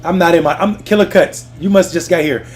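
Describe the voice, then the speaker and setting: A man's voice: on the high side, a little fast, a little hiss or hum. A man hosting a political livestream, ranting with profanity and heat and talking straight to his chat, from a lounge. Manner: profane, fired-up, talks to the chat. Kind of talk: heated live political rant. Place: lounge in Washington with TVs on. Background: music and TVs in the background.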